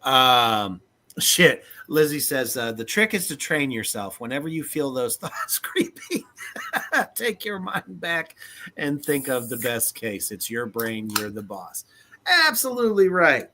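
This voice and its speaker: Animated laughing comedy podcast host, man. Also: medium pitch, unhurried, a little hiss or hum. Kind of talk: casual comedic chat.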